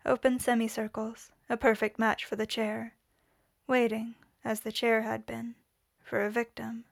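A woman reading fiction aloud in a steady, measured narration. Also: on the high side, gravelly, dry recording, studio quality. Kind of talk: audiobook-style fiction reading.

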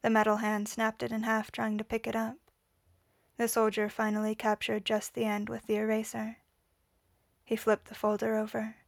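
A woman reading a story aloud in a quiet, measured voice, whispering the dialogue. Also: on the high side, completely flat delivery, vocal fry, no room sound, clean studio sound. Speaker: reader. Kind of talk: audiobook reading of fan fiction.

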